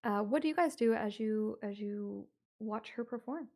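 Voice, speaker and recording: A woman's voice: mid-range voice, moderate pace, a little mellow. A woman running a tabletop horror game as game master, describing scenes in a loose, chatty way with many fillers.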